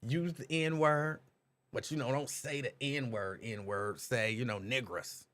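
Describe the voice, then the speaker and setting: A man hosting a live talk stream, reading viewers' comments aloud and riffing on them in an animated, direct way. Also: medium pitch, takes it slowly. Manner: animated, talks straight to chat viewers. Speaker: talk show host reading live chat.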